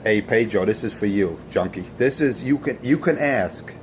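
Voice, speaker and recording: A man's voice: on the low side, lively intonation, normal speed, a little hiss or hum. A man hosting a CB radio show, boasting and taunting rivals in a profane, self-assured way. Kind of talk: boastful on-air trash talk.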